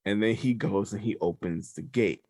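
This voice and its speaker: A man's voice: lowish voice, normal speed, dry recording, studio quality. A man co-hosting a podcast, telling a story in casual chat and acting out the voices as he goes. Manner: animated storyteller, acts out voices. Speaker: podcast co-host.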